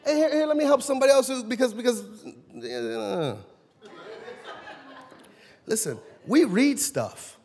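A man pastor preaching a sermon, swinging between loud shouted lines and low quiet asides. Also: big pitch swings, a little slow, gravelly, long pauses. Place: church sanctuary. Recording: long reverb in a large church hall.

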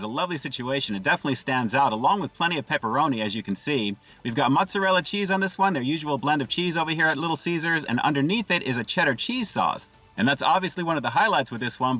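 A man's voice: fairly high pitch, sharp tone. A man doing an upbeat casual food review from inside a parked car, calling his viewers "guys" and chewing between lines.

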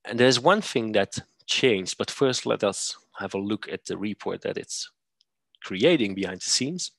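Low-voiced man explaining software. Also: animated, a little slow, gravelly, no echo. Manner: methodical, explanatory, with "uh" fillers. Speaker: software presenter. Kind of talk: screen-share software demo.

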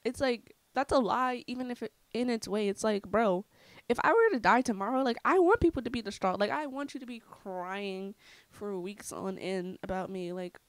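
A woman's voice: medium pitch, normal speed, gravelly, clean tone, no echo. A young woman telling a story to camera in a casual vlog, frank and profane, with lots of filler "like". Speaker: vlogger.

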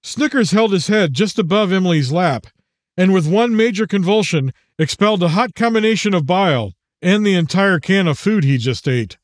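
A man's voice: sits high, dry recording. Man narrating an audiobook, dry sound. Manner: measured, even storytelling. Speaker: author narrating own audiobook.

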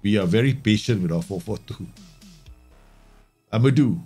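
A man streaming a football management game, chatting casually and joking, swearing now and then, and breaking into loud mock match commentary. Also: fairly low pitch, moderate pace, pauses often, husky, soft background music. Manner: excitable, jokey, swears, bursts into mock match-commentator shouts.

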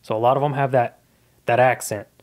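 A man's voice: mid-range voice, fairly even intonation, brisk. Guy in his 30s on a podcast, earnest, looking back on his past, regular mid-range voice. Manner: earnest, reflective. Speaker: podcast guest, comedian. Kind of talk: casual interview storytelling.

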